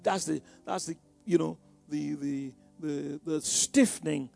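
A man preaching a sermon, calling out questions to the congregation and swinging from hushed tones to shouts. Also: fairly high pitch, a little slow, creaky, no room sound, soft background music.

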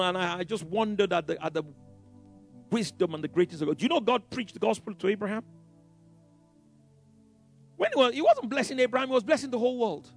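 High, gravelly-voiced exuberant preacher. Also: male voice. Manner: exuberant, rallying the congregation, bursts of emphasis; halting, with many fillers and restarts. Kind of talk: sermon.

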